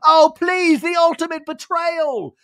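A man playing an excitable young man who fusses theatrically over cooking for his boss. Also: very high voice, unhurried, dry recording, studio quality, pitched above the performer's own voice, full character voice. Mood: squealing dramatic. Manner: frantic, squealing, theatrical.

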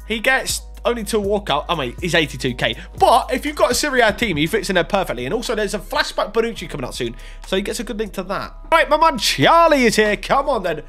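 A man's voice: high-pitched, very animated, fast talker, hardly any pauses, fairly bright tone. A young man commentating on game pack openings, swinging between hype and groans. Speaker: gaming YouTuber. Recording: faint music underneath.

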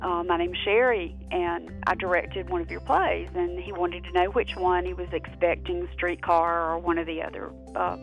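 Middle-aged south carolina lady telling a story, lowish voice, phone-ish sound, soft music. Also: steady tone, moderate pace, few pauses, dull audio. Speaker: interviewee. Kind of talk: casual recollection.

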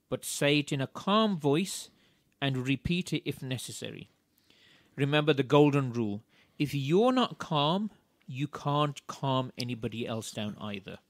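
Brief: male radio co-host, slightly high voice, dry studio sound, steady instructive delivery. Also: dry recording. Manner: steady, instructive, repeats key steps. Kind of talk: parenting advice talk.

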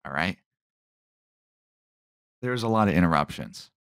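A man's voice: low-pitched, expressive, measured pace, fairly bright tone, clean tone, dry recording. A man hosting a solo podcast, rambling and stopping himself mid-thought, in a dry tone that sounds sarcastic. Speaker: podcast host.

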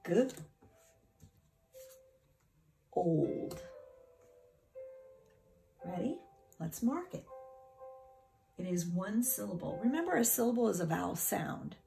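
A woman's voice: mid-range voice, sing-song, normal speed, gravelly, pauses often, warm tone, soft background music. A woman teacher giving a phonics lesson to young children, speaking patiently, sounding out the parts of words and sometimes dropping to a whisper.

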